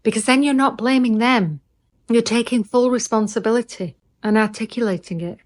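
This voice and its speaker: A middle-aged woman giving relationship advice in an earnest, intimate monologue, sometimes sinking to a soft near-whisper for emphasis. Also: on the high side, normal speed. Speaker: relationship coach.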